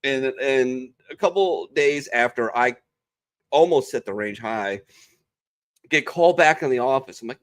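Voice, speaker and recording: A young adult man swaps barracks stories over a video call, cursing freely and animating every turn. His voice sits at an ordinary male pitch, loose and conversational. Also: a little slow. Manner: profane, animated storyteller. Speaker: veteran panelist. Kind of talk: casual storytelling chat.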